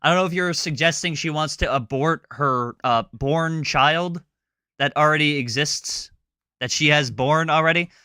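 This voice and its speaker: A man hosts a live stream and tears into a clip with quick, sarcastic rants full of fillers. His voice sits a little high and sounds bright and forward. The sound is dry and close. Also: clear, resonant tone, no room sound. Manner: fast, sarcastic ranting with many fillers. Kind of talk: casual chat reacting to a clip.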